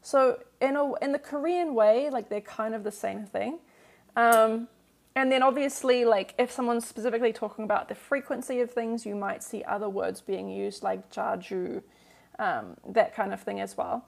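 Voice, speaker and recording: A woman's voice: fairly high pitch, steady tone, normal speed, vocal fry. A woman teaching a live-streamed language lesson, patiently explaining grammar and answering viewer questions with lots of "um" and "like".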